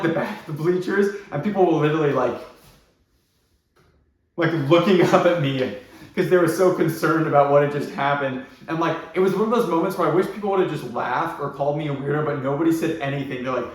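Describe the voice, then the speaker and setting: A man's voice: fairly high pitch, brisk. A young man telling a story from his own life in a casual, rambling and self-deprecating way, with many fillers and restarts. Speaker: vlogger. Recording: very echoey room.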